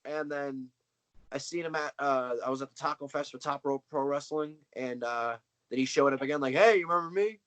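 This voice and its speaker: A man's voice: mid-range voice, a little fast, a bit bright, low-quality recording. Slangy young man telling stories on a call. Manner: slangy, boastful storyteller. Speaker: wrestler, interview guest. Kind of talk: casual video-call interview. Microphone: video call.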